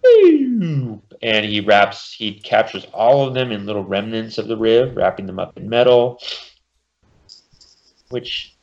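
Low-voiced man recapping comics. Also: steady tone, vocal fry, lo-fi sound. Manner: summarizes plots and puts on quick character voices. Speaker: comic book podcast host. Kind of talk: casual chat recapping a comic.

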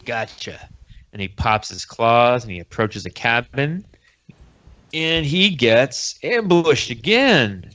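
A man's voice: medium pitch, big pitch swings, takes it slowly, a bit bright, highs cut off. A man hosting a podcast, recapping a comic book in a casual, rambling way with sarcastic jokes. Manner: rambling, jokey, sarcastic asides. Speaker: podcast host.

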